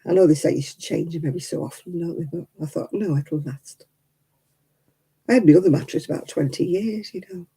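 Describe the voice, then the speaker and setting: Old lady in her 70s, gravelly raspy voice, dark and rambly, chatting away on her craft stream. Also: fairly low pitch, brisk, poor audio. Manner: rambling, chatty, chuckling storyteller. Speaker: crafting livestream host. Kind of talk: casual chat.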